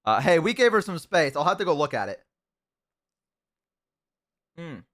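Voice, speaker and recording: His voice is fairly high and sing-song, with a fairly bright tone and a moderate pace. He's a streamer eating while he chats loosely with viewers, full of fillers, restarts and self-deprecating rambling.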